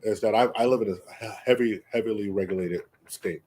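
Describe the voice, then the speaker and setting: A man's voice: lowish voice, brisk, darkish tone. A man with family roots in Texas, co-hosting an interview on a video call, talking in emphatic, rambling bursts full of restarts. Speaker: co-host. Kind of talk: casual interview chat.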